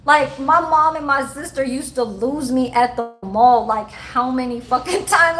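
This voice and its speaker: A woman's voice: high-pitched, measured pace, few pauses, a bit bright, faint music behind, poor audio. Profane laughing woman in her forties. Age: 40s. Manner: profane, laughing storyteller who talks to her chat. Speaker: livestream host. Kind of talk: casual livestream chat.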